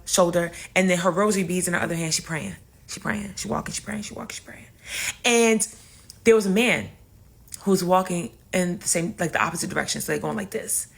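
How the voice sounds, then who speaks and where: A young woman telling a comedic story in a casual, animated and profane way, speaking straight to her audience. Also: on the low side.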